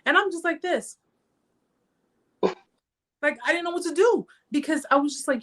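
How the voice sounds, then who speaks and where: A woman's voice: unhurried, pauses often, a bit bright. A woman hosting a live-stream chat, talking conversationally and emphatically, repeating herself and acting out the stories she tells. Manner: reenacts stories with raised pitch. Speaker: host.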